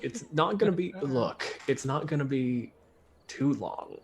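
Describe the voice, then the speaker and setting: A man's voice: mid-range voice, animated, measured pace, natural voice. Man doing a jittery, pleading hobgoblin, tabletop game role-play, stumbling promises. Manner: stammering, pleading, over-promising. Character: anxious male hobgoblin pleading with his backer.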